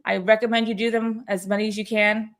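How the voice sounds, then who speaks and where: A woman's voice: mid-range voice, little pitch movement, brisk. A woman hosting a weekly company call in a casual, upbeat, chatty way, with many fillers and restarts. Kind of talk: casual livestream chat.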